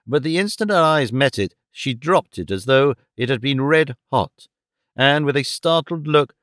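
A man's voice: medium pitch, lively intonation, normal speed, fairly bright tone, dry recording. Man narrating an audiobook, dry sound. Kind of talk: scripted narration.

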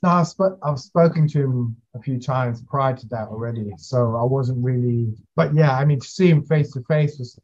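A man's voice: mid-range voice, moderate pace, few pauses, darkish tone, muffled recording. A man being interviewed as an actor, talking casually with many fillers and restarts.

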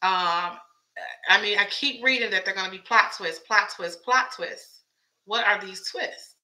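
A woman's voice: mid-range voice, normal speed, sharp tone, low-quality recording. A woman chatting casually as a fan commentator, wondering aloud with lots of questions, her voice a bit strained. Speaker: show commentator.

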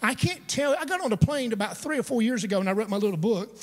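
Fast and expressive, a high-voiced male pastor tells stories from the pulpit of a church sanctuary. His sermon is humorous and conversational, full of asides to the congregation, captured with long church-hall reverb.

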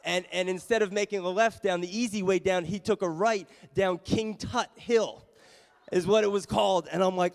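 Pastor, man, high voice, sermon delivered as an animated, self-deprecating story; long church reverb. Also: normal speed, vocal fry. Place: church sanctuary.

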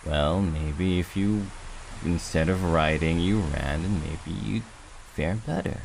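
A man's voice: low-pitched, slow, vocal fry, a little mellow, slight background noise. A young man streaming a game, joking around and playing with tongue twisters over game music. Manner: playful, tongue-twister goofing. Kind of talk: casual gaming stream chat.

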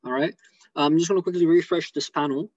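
A man with an English accent giving rambling, excitable commentary on a live stream over a video call. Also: fairly high pitch, a little fast, no echo, lo-fi sound. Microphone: computer mic on a video call.

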